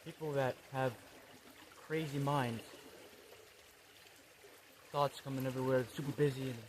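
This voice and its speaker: A man in a parody spiritual vlog monologue, talking in laid-back bro slang with swearing and a slow, dreamy delivery. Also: medium pitch, fairly even intonation. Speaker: comedy creator. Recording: running water noise behind. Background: trickling, pouring water.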